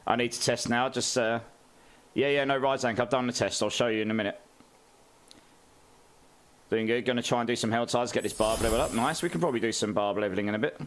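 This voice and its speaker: A man's voice: mid-range voice, quick pace, long pauses, slight background noise. A man, chatting casually on a game live stream, greeting viewers and laughing often.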